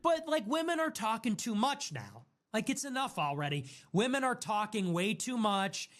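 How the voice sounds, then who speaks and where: A man with a high, light voice riffs on a live stream. He rants casually and sarcastically, pushing provocative lines on purpose. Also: sing-song, normal speed, a bit bright.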